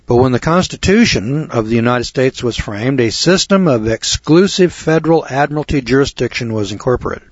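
Male lecturer, husky and emphatic, preachy tone, dry lo-fi recording. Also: mid-range voice, animated, brisk, hardly any pauses, dry recording. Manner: preachy, emphatic, repeats himself. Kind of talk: lecture on law. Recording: dull lo-fi recording.

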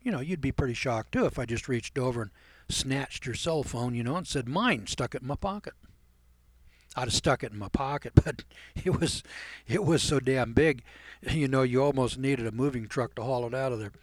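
A man telling a story to a class in a folksy way, clearing his throat often and acting out both sides of the dialogue. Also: medium pitch, moderate pace, no echo. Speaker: seminar speaker telling a story. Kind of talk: storytelling lecture.

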